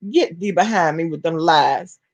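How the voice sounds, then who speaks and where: A woman from Alabama with a Southern accent, chatting casually to her live-stream viewers and reading their comments, sassy and quick to laugh. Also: fairly low pitch, lively intonation, a little mellow, dull audio. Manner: sassy, talks straight to chat, laughs often. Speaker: vlogger reading live chat.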